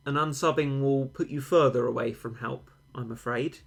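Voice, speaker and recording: A man's voice: medium pitch, steady tone, moderate pace, gravelly. A young man, a game streamer, chatting casually and rambling, answering viewer comments with mock-dramatic overstatement.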